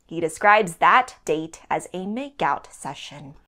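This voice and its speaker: A woman's voice: lowish voice, animated, takes it slowly, pushed and bright. A woman co-hosting a recap podcast, reading a scripted summary with wry asides. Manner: wry, laughs between lines.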